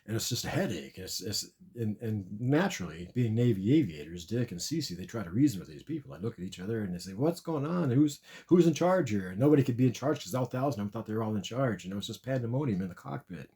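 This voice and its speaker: A man's voice: fairly low pitch, expressive, fast talker, hardly any pauses, a little mellow. A man telling a long, rambling comic story about a dream, repeating and restarting his words often.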